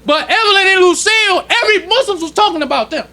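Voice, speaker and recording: A man preaches to his congregation in a strikingly high voice. His tone is bright and sharp, and his delivery is loose and conversational. He slows down deliberately whenever he reads a passage aloud. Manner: preaching in casual street-level speech, slowing to read quoted passages. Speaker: minister. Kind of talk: sermon teaching. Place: temple congregation hall.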